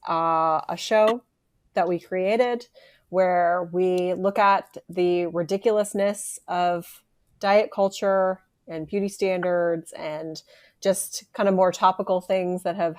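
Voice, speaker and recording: Woman co-host, slow and kinda low, super dry sound. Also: darkish tone, dry recording. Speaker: podcast co-host. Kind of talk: casual podcast chat.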